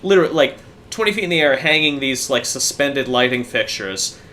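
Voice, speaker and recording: A man's voice: medium pitch, animated, brisk, sharp tone. A man co-hosting a podcast, chatting casually and telling laid-back stories, swearing now and then. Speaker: podcast co-host. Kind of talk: casual chat.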